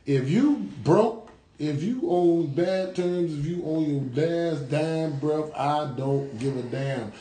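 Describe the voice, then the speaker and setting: A man with a fairly high voice co-hosts a podcast, ranting in casual chat with heat and constant profanity. The sound carries a roomy echo. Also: slow, mellow. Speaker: podcast co-host.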